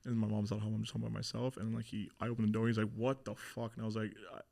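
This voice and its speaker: A man's voice: lowish voice, completely flat delivery, very fast, creaky, mellow. A young man speaking as a podcast guest, telling a hard personal story in a casual, candid way with lots of fillers and swearing.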